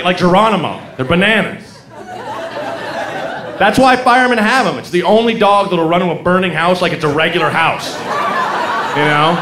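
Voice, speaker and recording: A man from Oregon doing an animated, profane stand-up set on a club stage. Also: high-pitched, fairly quick. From Oregon, USA. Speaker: stand-up comedian. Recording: echoey club, loud crowd noise.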